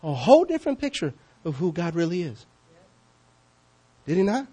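A man preaching a sermon as pastor, conversational and questioning, swinging between loud calls and hushed asides. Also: high-pitched, sing-song, normal speed, husky. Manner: conversational, asks the congregation questions.

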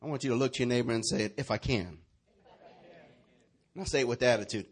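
A man's voice: medium pitch, fast talker, fairly bright tone. A man preaching a sermon as pastor, emphatic and repetitive, calling out lines for the congregation to repeat.

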